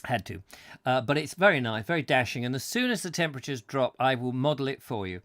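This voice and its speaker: A man's voice: medium pitch, animated, fast, a bit bright, dry recording. A man hosting a comic live-stream chat show, rambling and jokey, trailing off with fillers. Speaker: host.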